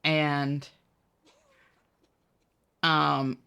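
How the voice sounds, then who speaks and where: A woman streams a video game and chats casually, giggling as she reads her viewers' messages aloud and answers them. Her voice is deep, creaky, and resonant with a sharp, clear tone, and her delivery is flat and very slow.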